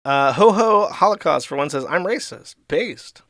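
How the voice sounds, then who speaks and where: Male stream host, slightly high voice, rambling and irreverent, dry close-mic sound. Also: expressive, normal speed, a bit bright, no echo. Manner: loose, rambling, laughs often and swears. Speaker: livestream host. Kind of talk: casual livestream reading viewer donations.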